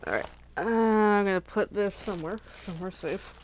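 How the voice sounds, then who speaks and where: A woman's voice: mid-range voice, normal speed, slight background noise. A woman hosting a casual live crafting session, chatting and rambling as she thinks aloud while she works at her craft desk. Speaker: craft channel host.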